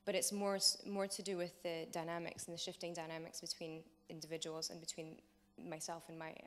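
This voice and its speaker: Low-voiced woman pitching her film. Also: flat delivery, fairly quick, fairly bright tone. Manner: reflective, with frequent "um" fillers. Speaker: filmmaker presenting her project. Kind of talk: project pitch at a workshop.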